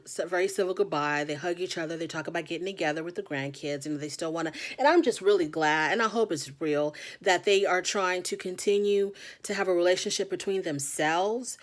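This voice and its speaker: Opinionated woman host with a slightly low voice, giving a chatty recap of a reality episode and acting out the cast's lines. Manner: chatty, opinionated, acts out cast members' lines.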